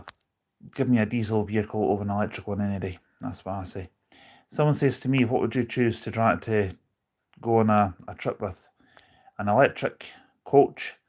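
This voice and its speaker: A man's voice: fairly low pitch, a little mellow. A man live streaming from on board a bus, chatting casually, rambling with his opinions and reading out viewer comments.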